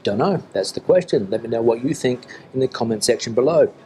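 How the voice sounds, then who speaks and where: A middle-aged man talking casually to camera in a restaurant as a food vlogger, relaxed and chatty, with frequent fillers. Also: mid-range voice, brisk. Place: restaurant in Spain.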